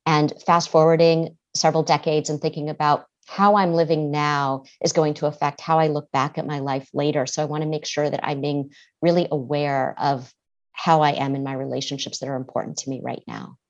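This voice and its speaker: A woman's voice: low-pitched, level tone, brisk, highs cut off. A middle-aged woman, a therapist and author, speaking earnestly as a guest in a podcast interview. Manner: earnest, acts out quoted voices.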